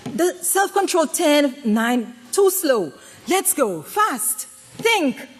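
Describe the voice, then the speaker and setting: A woman giving a dramatic, humorous sermon-style talk to a congregation, swinging between loud exclamations and hushed tones and often asking the audience questions. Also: high-pitched, sing-song, takes it slowly. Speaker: speaker at a women's presentation to a congregation. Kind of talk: preaching with humorous storytelling. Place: congregation gathering.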